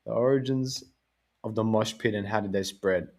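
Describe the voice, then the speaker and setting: A man's voice: lowish voice, normal speed, a little mellow. Laid-back rambling Australian man. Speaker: podcast host. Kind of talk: casual chat.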